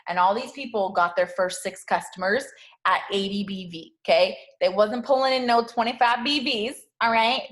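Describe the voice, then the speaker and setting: A woman in her thirties giving a motivational talk to her sales team, high-energy and slangy, often tagging "okay?" onto her points. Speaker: network marketing team leader.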